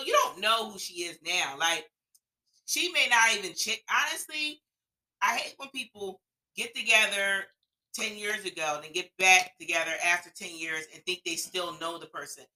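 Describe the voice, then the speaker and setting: A woman's voice: mid-range voice, sharp tone, rough recording. A woman co-hosting a podcast, chatting casually and giving blunt, opinionated takes with some swearing. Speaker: podcast co-host. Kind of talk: casual chat.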